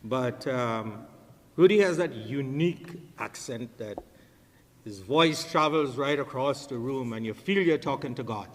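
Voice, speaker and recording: A man's voice: on the high side, fairly bright tone. An older man with a Trinidadian accent, speaking at a memorial service, telling jovial stories and laughing along with the room. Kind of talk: anecdotal eulogy with jokes. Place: funeral home service hall. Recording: long reverb in a hall.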